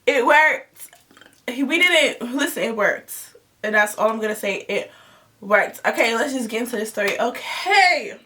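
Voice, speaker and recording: Young woman vlogger, stuffy nose, high sharp voice, chatty and expressive. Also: moderate pace, far from the mic. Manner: chatty, expressive, talks straight to viewers. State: congested from allergies. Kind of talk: casual storytime chat.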